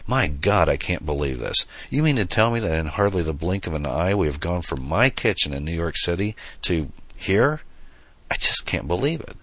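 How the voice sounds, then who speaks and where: An excitable, awestruck woman as read by a man, her lines gushing with disbelief. The voice stays very low and bright, recorded dry and close. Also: moderate pace, dry recording, heavily acted. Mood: amazed. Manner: excitable, exclamatory.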